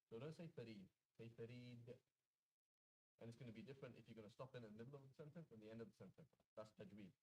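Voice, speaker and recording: A man's voice: mid-range voice, racing, hardly any pauses, dark tone, a little hiss or hum, rough recording. A British man teaching a Quranic Arabic class in a conversational way, often checking in with "right?". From Britain.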